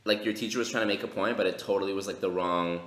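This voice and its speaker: A man co-hosting a casual podcast, telling animated stories loaded with profanity and slang. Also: sits low, rapid-fire, roomy sound. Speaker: podcast co-host. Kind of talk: casual chat, storytelling.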